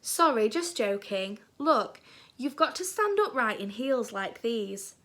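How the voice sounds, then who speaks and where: A woman's voice: a little high, big pitch swings, slow, fairly bright tone, heavily acted. A woman voicing a bold, playful teenage girl in a storybook reading, eager and coaxing.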